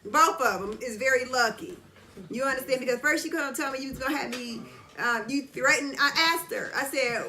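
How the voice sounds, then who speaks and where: A middle-aged woman telling a story in an animated, casual way while getting her hair done, often checking whether the listener understands. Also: high-pitched, a little fast, roomy sound, slight background noise. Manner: animated retelling, keeps asking "you understand?". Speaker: vlogger. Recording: busy background chatter.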